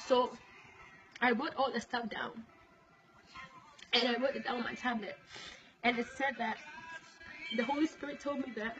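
A woman's voice: fairly high pitch, steady tone, normal speed, long pauses, fairly bright tone, far from the mic. A woman giving an emotional, prophetic testimony and declaiming in a preacher's manner. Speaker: testimony speaker. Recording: dull lo-fi recording with faint music.

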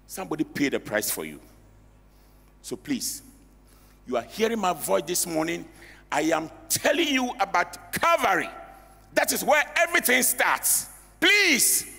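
A man's voice: high voice, sing-song, unhurried, creaky, long pauses, sharp tone, breathy edge. A man, an elder preaching an emphatic sermon in a church and at times breaking into song. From Ghana. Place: church hall. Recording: reverberant church hall with music.

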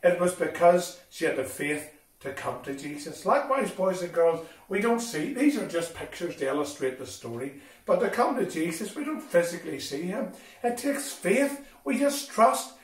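Male assembly speaker, expressive storyteller for children; high-pitched, picked up from a distance in a big hall. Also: normal speed. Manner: animated and expressive, addressing children directly. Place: school hall. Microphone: distant from the recording mic. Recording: echoey hall from far off.

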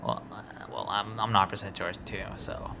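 A man's voice: fairly low pitch, moderate pace, vocal fry. A man giving casual, rambling commentary while playing a strategy game, stumbling over words and talking at the screen. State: sleepy, yawning. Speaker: let's play gamer. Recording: steady background noise.

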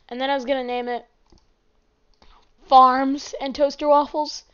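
A gaming channel host with a high, bright, smooth voice rambles through casual gameplay commentary at a moderate pace. She's chatty and excitable, bursting into sudden exclamations, and the audio is dull and lo-fi, like a cheap home mic.

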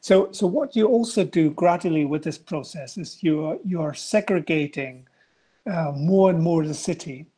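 Male guest lecturer on a video call, husky tone, hesitant answers with lots of restarts. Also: a little high, a little mellow. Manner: hesitant, many restarts and fillers. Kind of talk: answering student questions in an online lecture.

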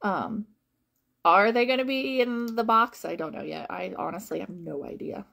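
A woman chats casually with her viewers as a home-fragrance consultant. Her voice sits at a middle pitch, and she talks in an animated, rambling way, full of fillers and phrases said twice over. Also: moderate pace, creaky. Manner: chatty and animated, rambling with many fillers and repeats. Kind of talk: casual live-stream chat to viewers.

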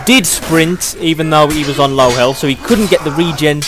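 Young british man, high-pitched, excitable play-by-play game commentary, lots of chuckles. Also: normal speed, music in the background. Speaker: match commentator.

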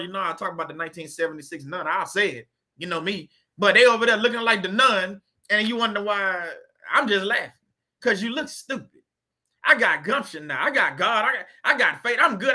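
A man hosts a casual motivational talk rooted in faith. His voice sits high and rings very bright and sharp. He preaches in loose, everyday speech and repeats phrases to drive his points home. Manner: preachy and repetitive, colloquial. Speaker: host.

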